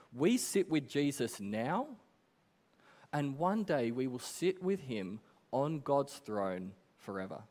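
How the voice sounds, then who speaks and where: Guy preaching a sermon, slow and earnest, voice swings up and down a lot. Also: medium pitch, darkish tone. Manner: earnest, emphatic preaching with dramatic pauses.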